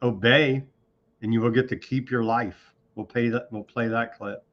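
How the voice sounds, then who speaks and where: At a moderate pace and steady medium pitch, a man delivers casual online news commentary, loose and off the cuff with sarcastic remarks. The recording has a slightly dull, lo-fi quality.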